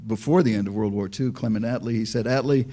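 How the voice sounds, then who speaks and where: A man's voice: lowish voice, quick pace, warm tone. An older man and former diplomat giving a public talk, telling dry jokes and anecdotes with frequent restarts. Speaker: panel speaker, former diplomat.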